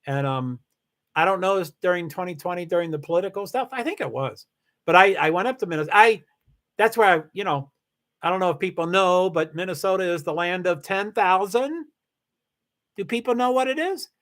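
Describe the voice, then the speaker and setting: A middle-aged man hosting a casual livestream, talking in a rambling, halting way with many restarts and fillers, candid and confessional about his life. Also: high voice, fairly bright tone. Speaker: livestream host. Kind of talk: casual personal livestream talk.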